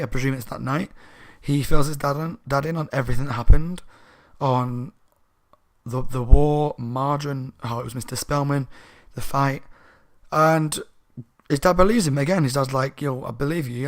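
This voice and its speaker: A slightly drunk man casually recapping a children's horror book for his channel, rambling and correcting himself as he goes. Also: fairly high pitch. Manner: rambling, chatty, self-correcting. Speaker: book reviewer, channel host.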